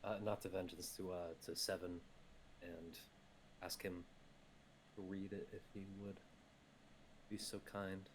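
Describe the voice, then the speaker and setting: Rambling player, a man with a lowish voice. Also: level tone, unhurried, long pauses, background noise. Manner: rambling, with many likes and uhs. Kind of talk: playing a tabletop game.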